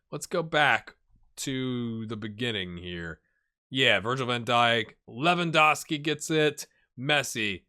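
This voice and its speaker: A man's voice: medium pitch, bright, forceful tone. A man giving casual video game commentary, chatting and thinking aloud as he looks through results, often reacting with surprise. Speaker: gaming YouTuber.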